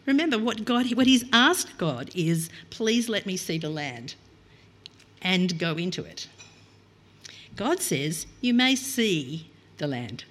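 A woman's voice: lowish voice, husky. A middle-aged woman preaching a reflective, earnest sermon and reading scripture aloud.

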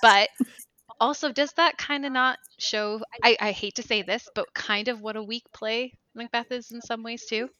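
A woman's voice: on the high side, moderate pace, no echo, muffled recording. A woman co-hosting a podcast, chatting casually and animatedly, laughing often and slipping into silly voices. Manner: giggly, animated, puts on silly voices for characters. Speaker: podcast co-host. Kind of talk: casual chat.

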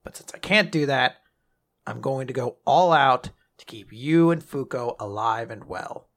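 A man doing a remorseful male traitor in a low, subdued voice. It is gravelly yet bright-edged and pitched lower than his own usual talk. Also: a little slow. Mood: solemn, regretful. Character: remorseful male traitor swordsman, self-sacrificing.

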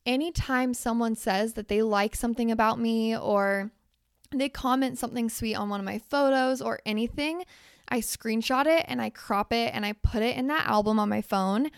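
A young woman with a raspy, hoarse voice hosts a casual motivational podcast, pushing her points with blunt emphasis and the odd swear. Her slightly high voice crackles with vocal fry. The sound is dry and close, with no room around it. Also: normal speed, no room sound. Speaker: podcast host.

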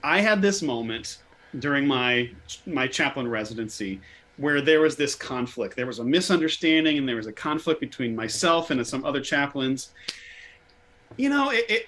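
A man's voice: mid-range voice, big pitch swings, moderate pace, a bit bright. A man hosting a conversation, telling a personal story in a casual, self-deprecating way with frequent stammered restarts. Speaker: podcast host, former chaplain resident.

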